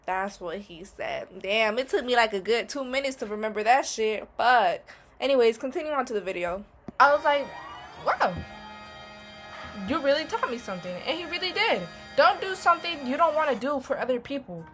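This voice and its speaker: A woman's voice: a little high, a little fast, soft background music. Blunt, cursing young woman vlogger. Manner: blunt, swears heavily, slangy and animated. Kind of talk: casual storytime vlog.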